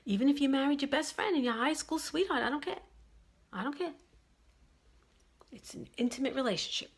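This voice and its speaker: A woman from Brooklyn, New York gives relationship advice in an emphatic monologue, repeating her key phrases. Her voice sits high and she talks a little fast.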